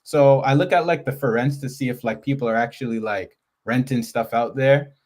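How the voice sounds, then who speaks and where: A man's voice: medium pitch, moderate pace, darkish tone. A man with a Toronto Canadian accent, a student on a coaching call, rambling and joking with many fillers.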